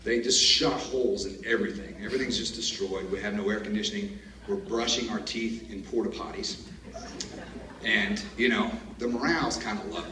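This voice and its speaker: Delivering a commencement address in a large hall, a man tells army stories like a folksy storyteller, joking and laughing along. His fairly low voice is steady and sharp in tone at a normal speed. A distant camera records the echoey hall with slight background noise.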